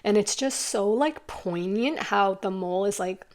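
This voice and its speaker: A woman giving a casual, earnest tarot reading, rambling warmly with many fillers and growing teary as she talks. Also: mid-range voice, measured pace. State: tearful at times. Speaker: tarot reader.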